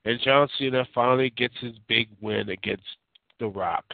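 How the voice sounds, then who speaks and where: A man's voice: mid-range voice, moderate pace, creaky, dry recording. A man hosting a casual call-in talk show, giving rambling, opinionated takes full of fillers and restarts. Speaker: podcast host. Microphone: phone line. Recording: tinny phone-line audio.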